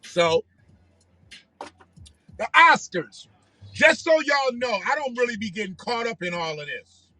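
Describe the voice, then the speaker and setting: A man's voice: extremely high pitch, big pitch swings, moderate pace, sharp tone, no room sound. A man hosting a live stream, giving rambling, profane commentary and often repeating himself. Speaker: livestream host.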